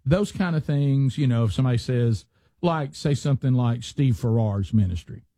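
Man, middle-aged, radio host, chatty banter, husky, dry. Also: mid-range voice, moderate pace, dark tone, no echo. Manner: chatty, mimics lazy podcast talk. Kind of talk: casual talk show banter.

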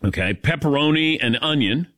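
A man's voice: fairly high pitch, expressive, moderate pace, a bit bright, dry recording. An older man hosting a sports talk show. He talks in a loose, conversational way, moving from game talk into sponsor reads. The sound is dry and close. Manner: conversational, easygoing, reads ad copy between chat. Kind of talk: casual sports radio talk.

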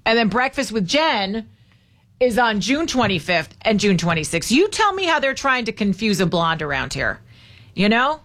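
A woman's voice: mid-range voice, very animated, moderate pace, a bit bright. A woman hosting a morning radio talk show, chatty and self-deprecating, laughing easily.

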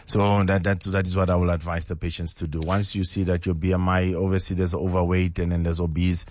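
A man, a doctor guest on a radio show explaining in a measured, halting way. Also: deep voice, level tone, darkish tone. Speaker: doctor, bariatric surgeon guest.

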